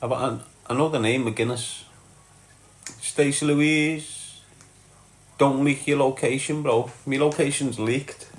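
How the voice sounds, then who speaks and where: A man's voice: medium pitch, steady tone, takes it slowly, pauses often, echoey room. A man with a Scouse accent from Liverpool, hosting a live stream and chatting bluntly to viewers, reading out comments and swearing freely. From Liverpool, England. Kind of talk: casual live chat.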